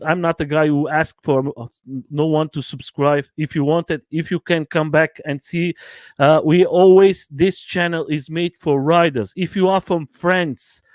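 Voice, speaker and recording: Man, livestream host, enthusiastic, repetitive, slightly high voice, dry close sound. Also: no echo. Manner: enthusiastic, repeats himself, broken English. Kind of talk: casual livestream chat.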